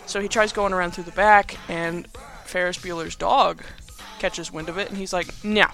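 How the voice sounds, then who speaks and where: A man's voice: sits high, level tone, normal speed, vocal fry, sharp tone, soft background music. A young man hosting a podcast, casually recapping a movie in a rambling, filler-heavy, playfully sarcastic way. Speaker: podcast host.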